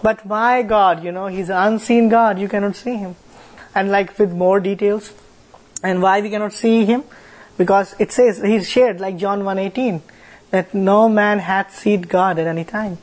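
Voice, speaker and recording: A young man with an Indian accent, leading a church fellowship, shares a testimony in halting speech, repeating words and filling with "like" and "you know". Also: high-pitched, steady tone, poor audio. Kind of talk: sharing a testimony with a congregation.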